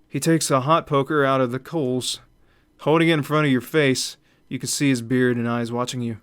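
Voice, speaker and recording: A man's voice: medium pitch, fairly even intonation, normal speed, a bit bright, clean tone. A young man hosting a gaming channel, reading horror game text aloud dramatically and reacting in asides. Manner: reads narration dramatically, then reacts in asides.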